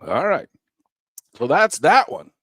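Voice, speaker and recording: A man's voice: fairly high pitch, wildly swooping pitch, slow pace, fairly bright tone, no room sound, studio quality. A man teaching a live online trading class, coaching in a folksy, repetitive way and chuckling now and then. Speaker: trading instructor.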